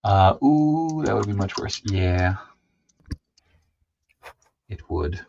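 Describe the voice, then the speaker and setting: A man chatting casually while painting a toy figure on a livestream, laughing and lively as he tells stories. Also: slow, gravelly, a little hiss or hum. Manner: animated, laughing, jumps into high excited voices when telling stories. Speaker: co-host of a toy customizing livestream. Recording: slightly dull lo-fi stream audio.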